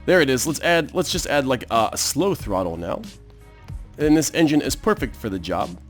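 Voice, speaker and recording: A man hosting a let's play, giving excitable gameplay commentary and exclaiming at what he sees on screen. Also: mid-range voice, normal speed, soft background music.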